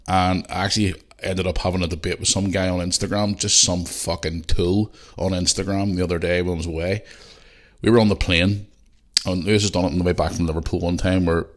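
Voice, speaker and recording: A middle-aged man with a Northern Irish accent hosting a podcast, rambling and swearing, and growing heated and loud. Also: deep voice. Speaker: podcast host. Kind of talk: casual monologue.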